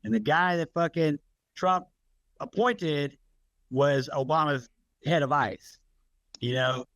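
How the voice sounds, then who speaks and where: A man's voice: a little high, slow, fairly bright tone, dry recording. A man co-hosting a podcast in casual political chat, rambling and swearing often as he loses and finds his thread. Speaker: podcast co-host.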